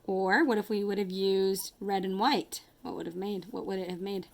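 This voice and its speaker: Lady teacher walking kids thru fractions, chatty, says sorry a lot, counts out loud, mid pitch. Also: little pitch movement, normal speed, creaky. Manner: chatty, apologetic, talks while coloring and counting aloud. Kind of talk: casual math lesson to kids.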